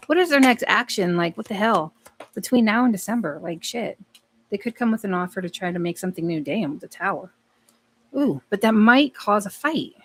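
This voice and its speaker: A woman giving a live tarot reading in a casual, blunt way, swearing often and talking back to the cards. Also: medium pitch. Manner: blunt, profane, talks to the cards and to herself. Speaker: tarot card reader.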